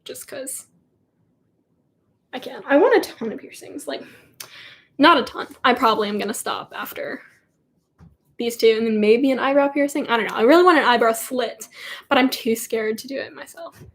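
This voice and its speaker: A woman's voice: fairly high pitch, moderate pace, long pauses. A teenage girl rambling in a giggly, chatty way while answering viewer questions on a casual livestream. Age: teens. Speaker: livestream host. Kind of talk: casual live Q&A chat.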